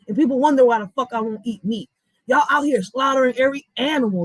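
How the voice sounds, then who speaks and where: Blunt, high-voiced woman vlogging. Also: quick pace, no room sound, rough recording. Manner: blunt, profane storytelling; animated, emphatic. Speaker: reaction vlogger. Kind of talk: casual reaction commentary.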